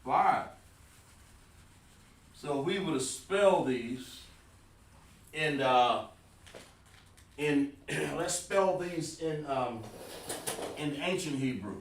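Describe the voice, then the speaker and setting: Extremely slow and full of pauses, yet animated, a fairly high-pitched man gives an informal live-streamed language lesson at a writing board while calling on viewers by name. The distant mic makes the room sound roomy, with slight background noise.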